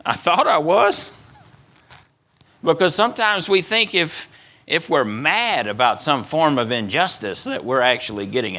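Bright-voiced male pastor preaching. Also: medium pitch. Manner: earnest preaching, acts out voices of stubborn people, repeats words. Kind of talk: sermon.

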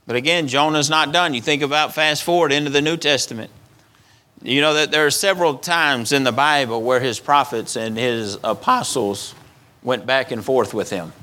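A middle-aged man delivering a sermon from the pulpit, earnest and conversational. His voice is bright and forward, at an ordinary pitch for a man. He slips into short acted-out voices of resentful people, and he doubles up on words as he presses his point. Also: moderate pace. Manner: earnest preaching, acts out voices of stubborn people, repeats words. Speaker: pastor.

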